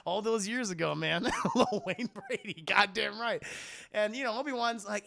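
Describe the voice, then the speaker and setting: Crude rambly guy doing a film review stream, very gravelly voice, lively pitch. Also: normal speed. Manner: crude, profane, laughing, rambling. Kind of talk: casual spoiler film review.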